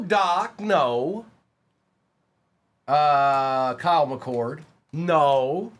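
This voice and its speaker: A young man on a live stream, chatting casually and calling out player names as he opens card packs, getting excited along the way. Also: on the high side, a little slow, pauses often.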